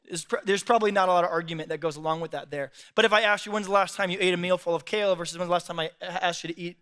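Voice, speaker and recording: Man preaching, joking sermon, high voice, bright and sharp, church stage. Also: smooth. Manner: joking, acts out quick voices, laughs often. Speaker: pastor. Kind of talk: comedic sermon.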